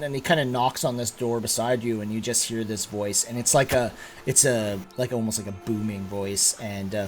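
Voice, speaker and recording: A man's voice: on the low side, steady tone, normal speed, slight background noise. A man narrating as game master of a tabletop game, describing scenes casually, with many fillers.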